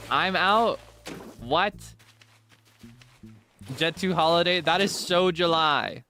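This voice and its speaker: A man's voice: fairly high pitch, extremely slow, long pauses. Playful man streaming a game over music. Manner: playful, dramatic, swings between deadpan and giggly. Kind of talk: casual game stream chat.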